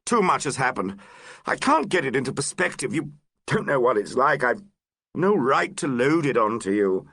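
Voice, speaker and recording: A man's voice: mid-range voice, sing-song, moderate pace, fairly bright tone, slightly rough, dry recording, studio quality, heavily acted. A man reading a troubled man under suspicion in an audiobook, bitter and strained. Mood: weary. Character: troubled man suspected of murder.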